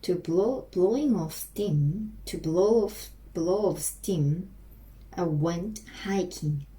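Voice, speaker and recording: A woman with a Korean accent practicing English on her own, haltingly repeating and restarting phrases. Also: fairly low pitch, mellow, low-quality recording. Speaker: language learner practicing English. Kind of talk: self-recorded English practice.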